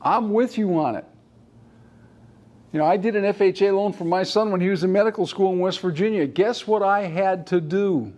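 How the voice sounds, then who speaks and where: Man, mortgage lender, storyteller voice, slightly high, acts out both sides of calls. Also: fairly quick, hardly any pauses, warm tone, muffled recording. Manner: storytelling with acted-out dialogue. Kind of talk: training talk.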